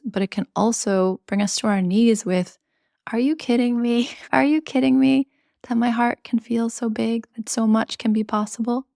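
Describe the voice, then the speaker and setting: A woman with a gravelly edge to her voice hosts a spiritual tarot podcast. She talks in an earnest, chatty monologue with slangy asides. The sound is close and dry. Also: mid-range voice, dry recording. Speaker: podcast host reading tarot.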